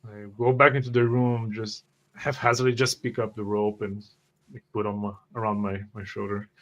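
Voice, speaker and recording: A man's voice: lowish voice, flat delivery, normal speed, highs cut off. A man playing a tabletop game, describing actions and speaking in character with a wary, clipped manner. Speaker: player. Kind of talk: tabletop role-play.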